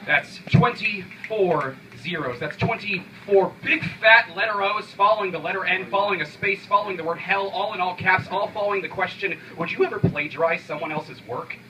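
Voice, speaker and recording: A man's voice: high-pitched, moderate pace, recorded from a distance, noisy background. Intense young man performing spoken word. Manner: intense, rhythmic, profane, swings from quiet to shouting. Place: coffee shop open mic.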